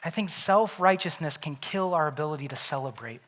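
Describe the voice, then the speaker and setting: A man preaching a sermon as pastor, animated and acting out the Bible characters in quoted voices. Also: fairly high pitch, fairly quick.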